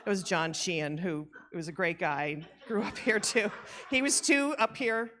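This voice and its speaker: A woman's voice: lowish voice, normal speed, a bit bright. A woman giving a rambling, self-deprecating eulogy at a church memorial, laughing often as she shares memories of her aunt. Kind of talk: informal memorial tribute.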